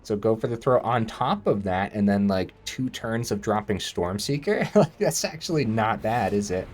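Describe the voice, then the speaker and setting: A man giving casual gameplay commentary, thinking aloud and breaking into excited outbursts. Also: lowish voice, normal speed.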